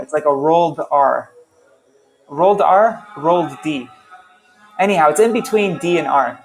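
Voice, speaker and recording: A man teaching a relaxed language class, chatty and self-interrupting, who repeats sounds over and over to demonstrate them. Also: fairly high pitch. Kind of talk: casual online class.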